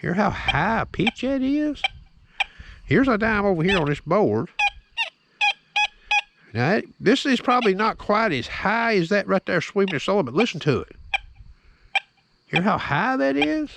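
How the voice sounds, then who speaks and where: Folksy man with gravelly voice. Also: sits high, very animated, measured pace, pauses often, background noise. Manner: plain-spoken, drawling, keeps checking in with "okay?". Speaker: metal detecting hobbyist demonstrating a detector. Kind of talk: folksy hands-on tutorial.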